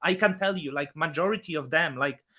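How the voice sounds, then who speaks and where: A man's voice: fairly high pitch, a little fast, pushed and bright. A man in casual talk, mocking and bluntly insulting, with loose non-native phrasing. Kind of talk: casual crypto chat.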